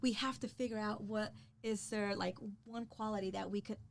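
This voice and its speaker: A woman's voice: mid-range voice, steady tone, normal speed, creaky, a crowd in the background. A woman co-hosting a casual podcast chat, talking earnestly in long run-on explanations. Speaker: podcast co-host and real estate agent.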